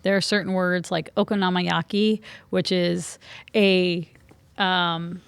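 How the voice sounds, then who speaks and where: Female co-host from Kansas City, lowish voice, dry close sound, eager explainer. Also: little pitch movement, takes it slowly, gravelly, clear, resonant tone, dry recording. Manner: explanatory, enthusiastic about anime, laughs easily. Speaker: podcast co-host. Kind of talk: casual chat.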